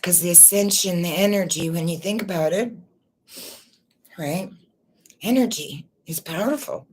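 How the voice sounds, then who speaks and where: A vlog host with a fairly low, husky, darkish voice vents through tears, swearing as she stumbles and restarts, clearly distressed.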